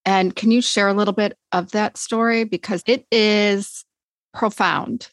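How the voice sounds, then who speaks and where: A woman's voice: mid-range voice, steady tone, measured pace, dry recording. A woman hosting an interview, asking curious, engaged questions. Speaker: podcast host. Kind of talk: interview conversation.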